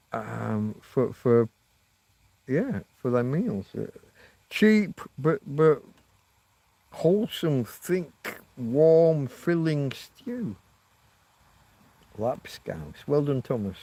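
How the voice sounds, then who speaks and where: Man, livestream host, rambling chat, unhurried, dry close sound. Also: mid-range voice, a little mellow, dry recording. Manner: meandering, reacts to chat, self-mocking asides. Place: living in Spain.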